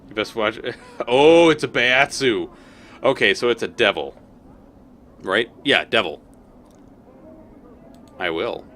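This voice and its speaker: A man's voice: medium pitch, very animated, takes it slowly, pauses often, a bit bright. A man streaming a game live, reading its text aloud and reacting with exclamations.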